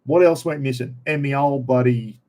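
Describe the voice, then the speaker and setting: A man's voice: mid-range voice, fairly even intonation, moderate pace, a little mellow. A middle-aged man with an Australian accent, chatting casually as a vlogger in an easygoing, slangy, rambling way.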